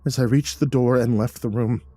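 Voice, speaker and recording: A man narrating a horror story in a measured, somber storytelling manner. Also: mid-range voice, steady tone, dark tone, no echo.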